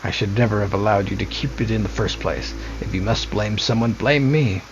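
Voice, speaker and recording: A man's voice: fairly low pitch, fairly quick, noisy background, close to an everyday voice. A man reading a stern mother in a game, scolding her son reproachfully over a dull mic.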